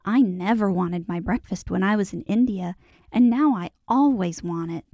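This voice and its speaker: A woman's voice: medium pitch, moderate pace, dark tone, no echo, clean studio sound, natural voice. A woman voicing a serious, plain-spoken young girl in a storybook reading. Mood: earnest.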